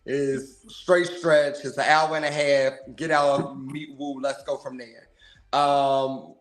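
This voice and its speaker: A man's voice: medium pitch, takes it slowly, echoey room. A male comedian telling stories in a casual, slangy, laughing way on a livestream. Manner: animated storyteller, slangy, laughs often. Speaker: touring comedian, guest.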